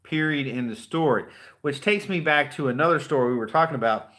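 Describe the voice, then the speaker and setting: A man's voice: on the high side, a little fast, fairly bright tone. A man who trains car dealers, giving a casual motivational talk as a blunt, chatty storyteller.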